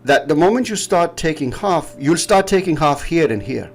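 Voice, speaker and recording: A man's voice: on the high side, lively intonation, normal speed, faint music behind. A man from Pakistan with a Pakistani English accent, casually walking through market charts in a rambling, explanatory way. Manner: rambling, explanatory, laughs often. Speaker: trading educator. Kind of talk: casual chart-analysis chat.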